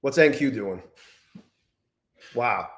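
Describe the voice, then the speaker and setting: A man's voice: medium pitch, lively intonation, takes it slowly. Man, live-stream trading commentary, profane, exasperated, greets chat, echoey room.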